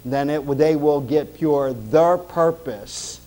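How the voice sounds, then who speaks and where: A man preaching a sermon as pastor, emphatic, swinging between loud stresses and hushed closing prayer. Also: on the high side, slow pace, low-quality recording.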